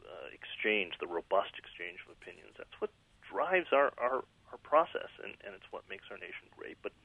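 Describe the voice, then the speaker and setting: A man from the Midwest speaks earnestly on a radio call-in, his thoughts coming in reflective runs with frequent restarts. His low voice comes through a narrow, tinny phone line with no room sound. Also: creaky, slightly rough, no echo. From American Midwest. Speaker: author and guest. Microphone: telephone.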